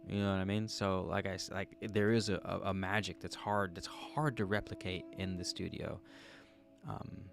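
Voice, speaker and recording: A man hosting a livestream reads out viewer comments, chatting in a laid-back, joking way and thinking aloud. His voice is deep and creaky with a flat delivery at normal speed, and faint music plays behind him.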